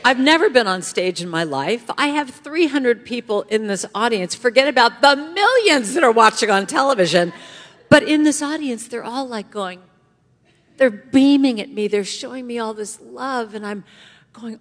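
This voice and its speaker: Woman guest speaker, middle-aged, lively storyteller, voice ringing in a big hall. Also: medium pitch, normal speed. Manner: animated storyteller acting out voices. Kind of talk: inspirational talk to a congregation. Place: large church hall. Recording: long hall reverb.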